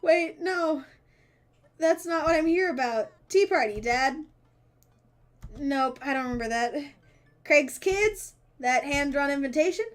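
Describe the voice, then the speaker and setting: A woman with a high voice is streaming a dating game, reading its lines aloud with frequent giggles and silly character voices. She sounds playful and relaxed, expressive and unhurried, leaving long pauses.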